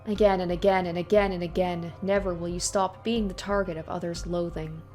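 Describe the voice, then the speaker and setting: A woman's voice: lowish voice, steady tone, darkish tone, soft background music, close to an everyday voice. A woman reading a visual novel aloud, voicing the taunting ghost of a cruel old tyrant. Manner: sneering, taunting, slow and menacing.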